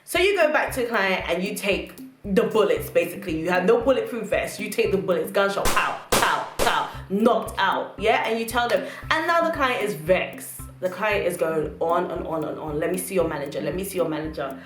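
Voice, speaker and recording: A woman's voice: medium pitch, moderate pace. Sassy young woman in an echoey room. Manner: sassy, animated, acts out customers and managers. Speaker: vlogger. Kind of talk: casual storytelling rant to camera. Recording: echoey room with faint music.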